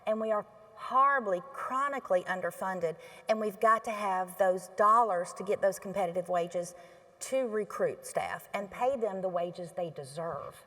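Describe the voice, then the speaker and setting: A middle-aged woman speaking on stage to an audience, emotional and halting, often restarting her sentences. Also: medium pitch, a bit bright, big-room sound. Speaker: healthcare association board chair. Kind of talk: onstage talk to an audience. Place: stage in a large hall.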